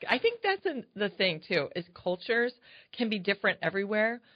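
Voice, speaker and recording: An older woman co-hosting a casual chat show, talking in a chatty, animated way. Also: mid-range voice, fairly quick, dry recording. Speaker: co-host. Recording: dry, dull lo-fi sound.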